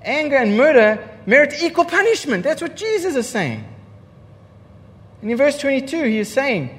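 A male pastor gives a sermon at a moderate pace in a high, very animated voice that rises and falls sharply for emphasis. He repeats his key lines and fires rhetorical questions at the congregation, with long church-hall reverb on the sound.

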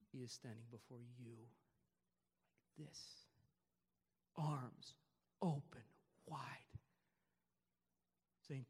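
A man preaching a sermon to his congregation, rising to loud emphatic peaks and dropping to quiet, hushed passages. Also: mid-range voice, in a large hall. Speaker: pastor. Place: church service before a congregation.

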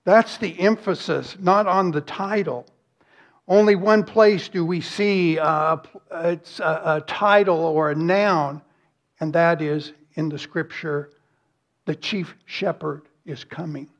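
A man's voice: a little high, slow. A man preaching a sermon as pastor, earnest and emphatic, with rhetorical questions and lists.

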